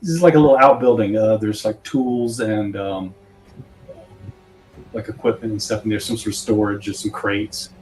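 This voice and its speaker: A man narrating as game master of a tabletop horror game, halting with many fillers. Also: on the low side, fairly even intonation, darkish tone, rough recording.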